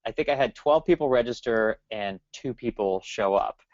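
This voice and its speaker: An agreeable man chatting casually and poking fun at his own past struggles. His voice sits at a middle pitch. The sound is dry and dull, like webinar audio. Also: normal speed, a little mellow, no echo.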